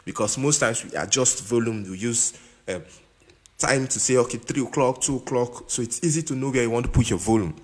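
A man teaching keyboard in a casual, halting way, often stopping to check that the listener understands. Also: mid-range voice, slightly rough. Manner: keeps checking in with "you understand?"; halting, with restarts and repeated words. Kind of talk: casual instructional talk. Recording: long reverb with keyboard music behind.

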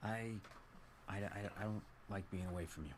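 An actor playing a gruff middle-aged father who stammers awkwardly, over a loud noisy cartoon soundtrack. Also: sits low, moderate pace, lightly acted.

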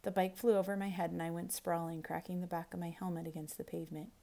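Lady teacher reading a novel out loud, kinda gravelly, intense and quiet. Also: fairly low pitch, little pitch movement, fast.

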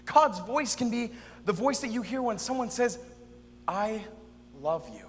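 An expressive man delivers a dramatic spoken-word monologue, dropping to near-whispers and rising to loud lines. His voice sits high for a man, and long hall reverb with a faint hum surrounds it. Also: normal speed. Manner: expressive, shifts between soft and loud. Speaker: performer in a youth event drama sketch.

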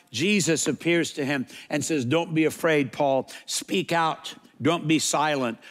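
A man pastor preaching a sermon in a church sanctuary, earnest, with slow and emphatic repeated phrases. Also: on the high side, a bit bright.

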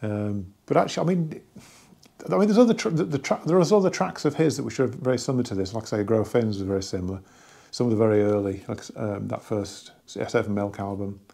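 A man casually talking through an album from his record collection, rambling and enthusiastic with many pauses and restarts. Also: lowish voice, gravelly, warm tone. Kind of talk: casual hobby vlog.

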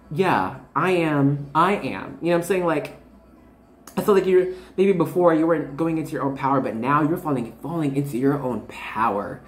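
A woman's voice: sits low, a little mellow, echoey room. A woman in her twenties giving a casual, rambling tarot reading to her viewers, full of fillers and bubbly asides. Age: 20s. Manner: rambling, filler-heavy, bubbly and self-interrupting. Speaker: tarot reader.

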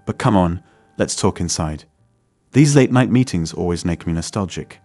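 A man's voice: low-pitched, lively intonation, moderate pace, mellow, no echo, faint music behind. A man voicing a smug, menacing male loan shark who speaks in a mocking, threatening way.

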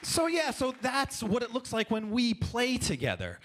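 A man leading a live audience through an improv warm-up on a festival stage, playful and energetic, coaching them through each step. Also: very high voice, moderate pace. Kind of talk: stage workshop talk with freestyle rap.

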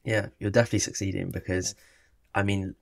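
A man's voice: on the low side, little pitch movement, quick pace, vocal fry, dry recording, studio quality. A young man, a medical student hosting a podcast interview, upbeat and encouraging, with restarts and ums. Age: young adult. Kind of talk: casual interview talk.

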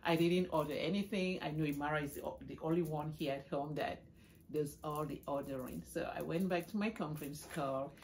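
A middle-aged woman chatting casually in a home vlog, exclaiming excitedly while she opens gifts. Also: sits low, brisk, a little hiss or hum. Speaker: vlogger.

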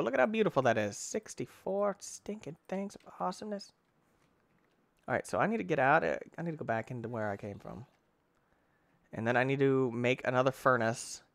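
A young man giving excitable let's play commentary, talking to himself, exclaiming and using mild cursing substitutes. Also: mid-range voice, clear, resonant tone, no room sound. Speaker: gaming YouTuber.

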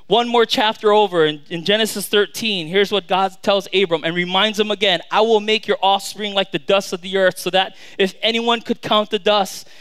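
A man, a pastor with children, preaching a sermon, often restarting words and swinging from loud declarations to quiet asides. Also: high voice, smooth, no room sound.

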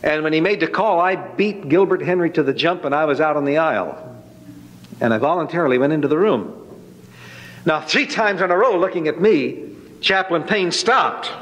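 A man's voice: a little high, normal speed, fairly bright tone. A man giving a spoken personal testimony, telling it as a folksy, dramatic story. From Northern California. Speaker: testimony speaker. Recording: long hall reverb.

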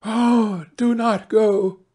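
A man's voice: sits high, huge pitch swings, a little slow, husky, voice pushed up, exaggerated voice. A man voicing a guilt-ridden, fearful stepmother in a fairy tale, talking in a fretful, pleading way.

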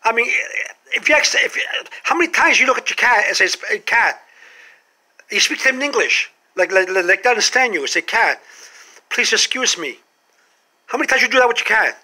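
A man with a high, bright voice delivers an animated comic monologue straight to camera. He keeps firing rhetorical questions and pauses for effect. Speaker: vlogger.

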